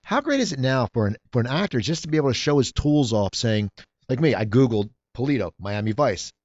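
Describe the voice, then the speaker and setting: A man's voice: medium pitch, sing-song, fairly quick, darkish tone, dry recording. A man hosting an interview, asking long questions with many restarts and "I mean" fillers. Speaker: interview host. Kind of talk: casual interview chat. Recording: slightly dull lo-fi sound.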